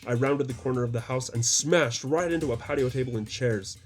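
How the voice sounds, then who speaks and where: A man's voice: mid-range voice, fairly quick. Man narrating a story, faint music. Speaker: author narrating his own story.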